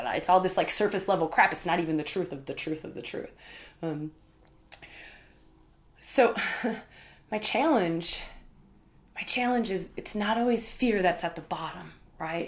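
Candid woman telling a personal story. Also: low voice. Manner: candid, emphatic, lots of fillers and repeats. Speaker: podcast host.

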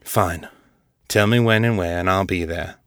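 A man reading the lines of a quiet, stoic male officer in a guarded, low-key way. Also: fairly quick, smooth, no room sound, studio quality. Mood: resigned.

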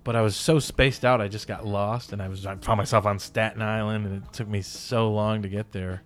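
A man's voice: fairly low pitch, fairly even intonation, a little fast, faint music behind. A man in his fifties telling stories as a podcast guest, rambling and swearing casually. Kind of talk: casual storytelling in a podcast interview.

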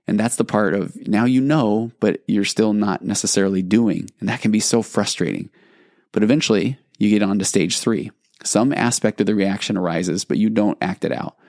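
A man's voice: fairly low pitch, normal speed, vocal fry, darkish tone, no echo, studio quality. A man hosting a solo podcast in a casual, reflective way, explaining ideas and acting out inner thoughts. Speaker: podcast host.

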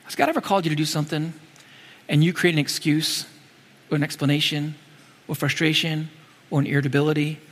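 A man delivers a casual, animated sermon and keeps asking rhetorical questions. His voice is high and bright and swings widely in pitch. Long hall reverb trails every line. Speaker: preacher.

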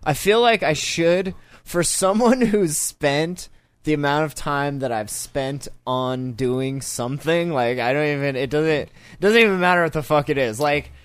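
A man's voice: a little high, a little slow, clear, resonant tone, no room sound. A man hosting a podcast in casual chat, joking, swearing freely and laughing often. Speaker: podcast host.

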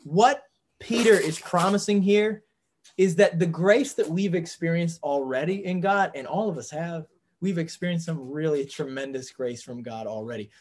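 An earnest man leads a Bible study, his voice pitched a bit high. He thinks aloud as he goes, with fillers and restarts, in an informal teaching tone. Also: moderate pace, a little hiss or hum. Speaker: pastor leading a Bible study. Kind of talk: discussion-group teaching.

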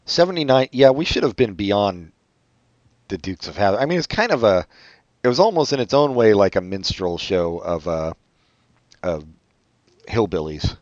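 A man co-hosting a podcast, chatting casually with sardonic, deadpan asides. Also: lowish voice, normal speed, long pauses, dry recording, lo-fi sound. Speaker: podcast co-host. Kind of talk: casual chat.

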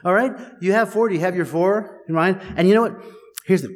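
A man's voice: high-pitched, a little fast. A man preaching a sermon in a conversational, wry and teasing way, talking directly to his congregation. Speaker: pastor. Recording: long hall reverb.

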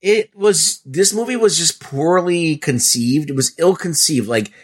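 A man's voice: fairly high pitch, animated, unhurried, slightly rough. A man co-hosting a casual movie review podcast, exasperated, swearing and filling his speech with "like". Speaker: podcast co-host.

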